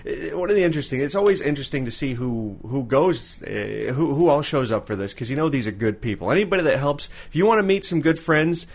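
A man's voice: mid-range voice, lively intonation, fast talker, gravelly, hardly any pauses, husky. Rambling man chatting on a podcast. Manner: rambling, repeats words when starting sentences. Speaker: podcast co-host. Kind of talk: casual chat.

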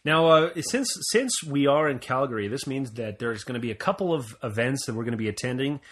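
A man from Montreal co-hosting a casual podcast, telling stories with jokes and lively asides. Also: medium pitch, brisk. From Montreal, Canada. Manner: joking, animated storytelling. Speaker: podcast co-host.

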